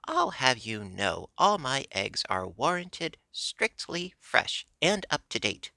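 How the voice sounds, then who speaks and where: A man voicing a proud, indignant yellow hen with a shrill, clucking voice in a storybook reading. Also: very animated, slow pace, vocal fry, dry recording, clean studio sound, heavily acted. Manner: clucking, huffy. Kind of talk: audiobook character voice.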